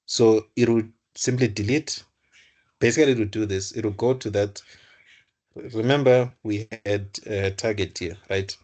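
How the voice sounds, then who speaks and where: A man's voice: lowish voice, steady tone, moderate pace, darkish tone. A young man tutoring computer science, explaining code aloud, often correcting himself and repeating words. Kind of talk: live coding lesson.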